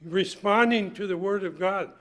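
An older man preaching a folksy sermon, emphatic and swinging between loud points and hushed asides. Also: sits high, normal speed.

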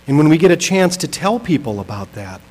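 A man preaching a sermon with a somewhat high voice. He moves between quiet and emphatic passages, reads scripture aloud, and slows down to stress key words. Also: very animated, low-quality recording. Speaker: pastor.

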